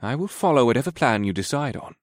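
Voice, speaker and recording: A man's voice: mid-range voice, expressive, fast talker, no room sound, clean studio sound, pitched above the performer's own voice, close to an everyday voice. A man voicing a loyal male general who speaks carefully and measuredly. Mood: doubtful.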